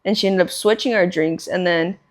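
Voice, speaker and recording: A woman's voice: on the low side, steady tone, fairly quick. A young woman, chatting casually as a podcast co-host, rambling with lots of "like" and casual swearing. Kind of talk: casual chat.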